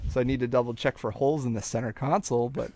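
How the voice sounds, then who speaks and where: A relaxed man, a podcast co-host, tells a rambling story in casual chat, full of filler words and restarts. His voice is medium-pitched and he speaks quickly.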